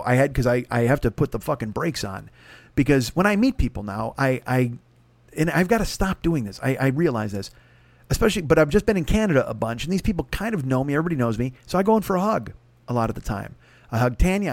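A man's voice: a little high, no echo. A man telling a long story in a casual podcast style, profane, rambling and self-mocking.

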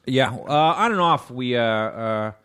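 A man co-hosting a podcast in casual chat, jokey and quick to riff. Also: mid-range voice, animated, fairly bright tone, clear, resonant tone. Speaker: podcast co-host.

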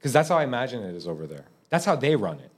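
Give me a mock-confident man bantering on a comedy podcast with a lively, swinging voice. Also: medium pitch, racing. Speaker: podcast host. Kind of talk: parody business podcast banter.

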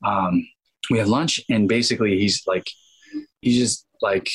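A man in his thirties, an actor being interviewed, telling animated stories and acting out the people in them with many asides and restarts. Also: lowish voice, moderate pace, husky, poor audio. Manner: acts out quoted voices, many restarts and asides. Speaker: actor guest.

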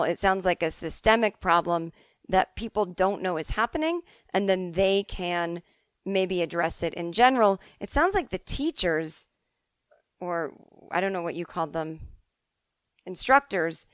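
A woman's voice: medium pitch, dry recording, clean studio sound. A woman in her forties from the Boston suburbs, hosting a podcast and talking candidly and chattily as she answers listener emails. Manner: candid, chatty, swears, laughs easily. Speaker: podcast host.

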